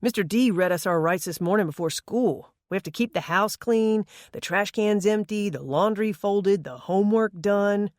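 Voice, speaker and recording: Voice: mid-range voice, normal speed, few pauses, a little mellow, no room sound, clean studio sound, voice pushed up, close to an everyday voice. A narrator voicing a boastful, joking teenage boy in an audiobook. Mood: cocky. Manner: boastful, playful. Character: cocky teenage boy, brash joker.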